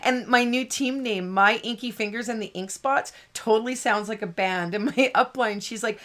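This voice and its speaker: A woman's voice: fairly high pitch, moderate pace, hardly any pauses, fairly bright tone. A woman hosting a card-making live stream, chatting in a bubbly, rambling way and laughing often.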